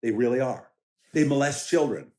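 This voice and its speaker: A man's voice: medium pitch, normal speed, mellow. Emphatic, direct middle-aged man. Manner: emphatic, direct, tells anecdotes with quoted voices. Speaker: political candidate, former law enforcement officer. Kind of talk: casual interview conversation.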